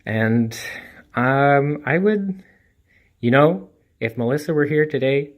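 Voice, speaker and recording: Man, comic strip reviewer, slow and halting, dry wry delivery, lots of ums. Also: mid-range voice, lively intonation. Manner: hesitant, full of ums and restarts. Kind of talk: casual spoken review.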